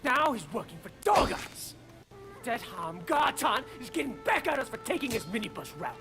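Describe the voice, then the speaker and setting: A man's voice: very high voice, big pitch swings, normal speed, gravelly, exaggerated voice. An actor playing an urgent, worried young male gang member in a game. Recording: game audio under loud music, distant.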